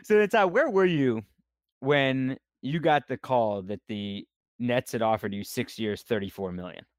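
A man's voice: mid-range voice, a little slow, dry recording, clean studio sound. A man hosting a podcast, asking his guest questions in a casual, curious way. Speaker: podcast host. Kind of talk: interview questions.

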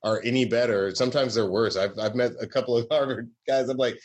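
Southern-raised comedy writer, middle-pitched, wry, rambling guest storyteller. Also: male voice, steady tone, a little fast. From Southern US, Georgia. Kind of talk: casual interview chat.

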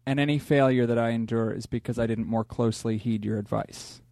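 A man's voice: medium pitch, fairly even intonation, a little fast, creaky, darkish tone, dry recording, studio quality. Earnest man reading a letter. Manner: earnest and heartfelt. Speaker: comedian.

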